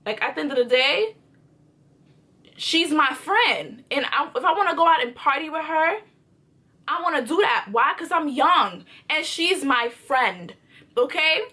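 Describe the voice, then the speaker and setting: A woman's voice: high voice, expressive, a little slow, bright, forceful tone. A woman telling a storytime vlog, emphatic and sassy, repeating her points. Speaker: vlogger. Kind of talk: storytime chat.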